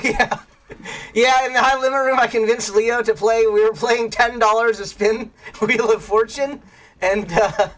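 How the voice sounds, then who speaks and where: A streamer in a casual livestream chat, telling rambling stories, laughing often and greeting viewers in chat. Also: mid-range voice. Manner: animated, rambling storyteller.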